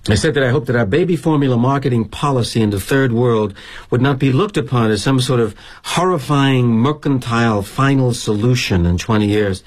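A man's voice: medium pitch, a little fast, lightly acted. A middle-aged man performing a theatrical monologue as a corporate executive, wry and sardonic in a confiding tone.

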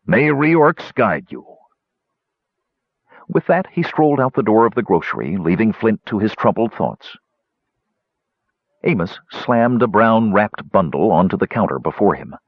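Low husky male storybook narrator. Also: sing-song, moderate pace, no echo. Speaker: audiobook narrator. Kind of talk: scripted narration. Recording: dull, dry close recording.

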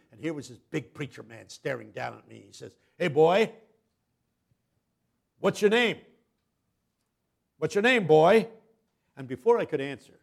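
Gravelly older man preaching a story. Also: medium pitch. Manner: dramatic storyteller, swings from hushed to loud, acts out quoted voices. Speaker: guest preacher. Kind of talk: storytelling sermon.

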